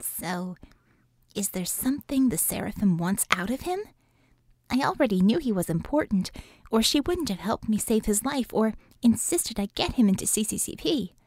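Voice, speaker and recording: Woman voicing a wary, flat-toned young woman. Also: medium pitch, moderate pace, no echo. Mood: puzzled. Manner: flat, questioning. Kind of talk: audiobook reading.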